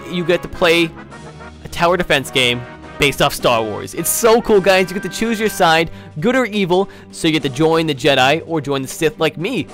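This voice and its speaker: A young man hosting a modded game, chatting excitably to viewers and slipping into playful villain role-play. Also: fairly high pitch, normal speed, faint music behind. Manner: excitable, keeps addressing viewers as guys. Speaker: gaming channel host.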